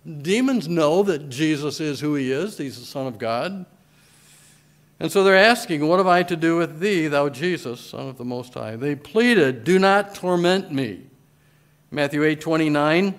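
A pastor preaches a sermon, reading scripture in old-style wording with an emphatic, swelling delivery. His voice sits a little high and is expressive, moving a little slowly.

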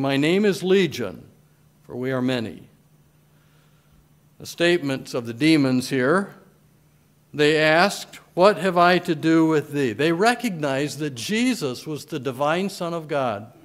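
Emphatic pastor, fairly high voice. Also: male voice. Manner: emphatic scripture reading in old-style wording. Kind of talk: sermon.

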